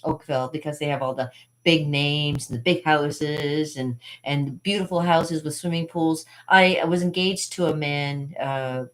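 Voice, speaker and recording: A woman's voice: deep voice, steady tone, unhurried. A woman magician and channel host, telling rambling stories about her childhood in a chatty, digressive way, with frequent laughs and fillers. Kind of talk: rambling personal storytelling.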